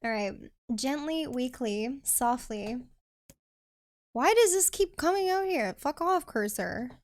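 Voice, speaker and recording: A woman game streamer talks casually to her chat and reads story text aloud. She is expressive, swears freely and complains dramatically. Her voice sits a little high. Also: slow pace.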